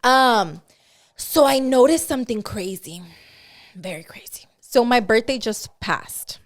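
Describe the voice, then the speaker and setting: A young woman co-hosting a podcast in casual chat, animated, swearing a lot and laughing often. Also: fairly high pitch, measured pace. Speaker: podcast co-host.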